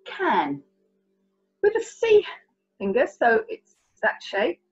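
Lively, husky British woman teaching signs. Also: fairly high pitch, slow pace, lo-fi sound. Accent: British English. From England. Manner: chatty, playful, encouraging, demonstrating hand signs. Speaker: sign language tutor. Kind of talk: children's signing lesson.

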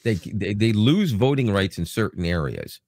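Canadian male podcast co-host, deep, dry mic, talkative and joking. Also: normal speed, no room sound. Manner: rambling, joking, animated storytelling. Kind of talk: casual chat.

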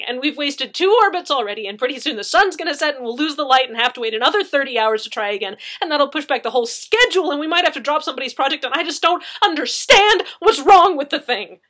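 A woman's voice: sits high, bright, forceful tone, voice pushed up, full character voice. A woman voicing an anxious female science officer who gushes in a rush, close to tears. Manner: gushing, rushed and near tears.

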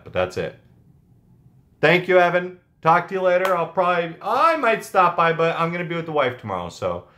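Male channel host with a slightly high voice, loose and joking, full of fillers. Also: bright, forceful tone. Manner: rambling, joking, with frequent fillers. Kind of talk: casual chat to viewers.

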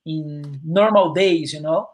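Brazilian man, Portuguese native, English learner on a video call; halting, searching for words. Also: on the high side, darkish tone. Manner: halting, hesitant non-native English with many restarts and "you know?". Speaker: English student. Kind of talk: online English lesson conversation.

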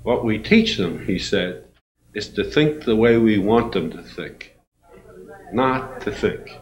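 Lively male lecturer in an echoey hall. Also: fairly low pitch, slow. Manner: animated, acts out quoted voices, chuckles. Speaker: university professor lecturing. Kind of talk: storytelling lecture. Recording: roomy hall with faint noise.

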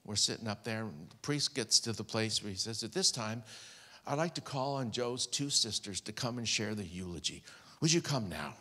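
Pastor telling a story in a reverberant hall. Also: male voice, fairly low pitch, expressive, moderate pace, bright, forceful tone. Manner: personal, heartfelt storytelling with quoted speech. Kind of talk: sermon storytelling. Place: large church hall. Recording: long church hall reverb.

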